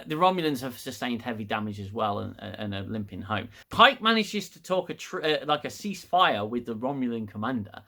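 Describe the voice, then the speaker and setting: A man's voice: mid-range voice, bright, forceful tone. A man giving a casual, rambling TV episode review, frustrated and blunt, with frequent restarts.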